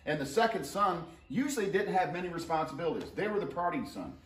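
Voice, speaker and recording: Lively, joking male history teacher. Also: fairly high pitch, quick pace. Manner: animated and joking, playful asides. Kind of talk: casual co-taught history lesson. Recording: roomy sound, mic at a distance.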